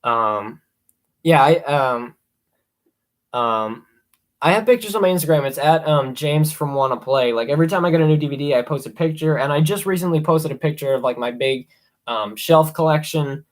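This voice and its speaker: A young man hosting a casual live stream, rambling with many ums and excited asides. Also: a little high, moderate pace. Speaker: livestream host ranking horror films.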